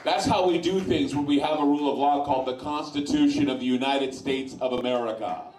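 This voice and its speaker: A man's voice: medium pitch, brisk, a crowd in the background, background noise. A man hosting an informal talk in front of a live audience at a sports lounge, speaking bluntly, with crude asides. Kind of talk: informal talk to a bar crowd. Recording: echoey room, voice far from mic.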